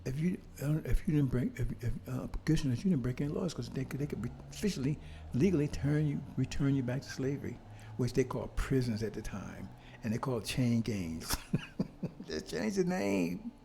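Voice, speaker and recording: Gravelly older man preaching fiercely. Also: medium pitch, lively intonation, fairly quick, mellow, a little hiss or hum. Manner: fiery, repetitive, rhetorical questions, swears. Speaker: speaker on history. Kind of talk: impassioned street-style lecture.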